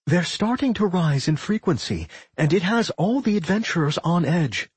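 Anxious storybook pixie woman, high-pitched, breathy, dry close sound, a man doing her. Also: very animated, normal speed, no room sound, full character voice. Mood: worried. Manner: anxious, scolding, thinking aloud. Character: worried clever female pixie partner.

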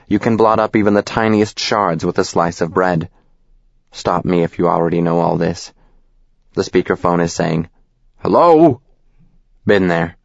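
A man reading a novel aloud as narrator, in a deadpan, measured, wry manner. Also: low voice, no room sound. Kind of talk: scripted audiobook narration. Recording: slightly dull, dry recording.

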